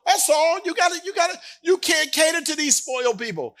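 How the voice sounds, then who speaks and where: A man's voice: extremely high pitch, very animated, brisk, hardly any pauses, bright, forceful tone. A male pastor preaching a sermon, telling a story and then rising into emphatic exhortation with teasing asides to the congregation.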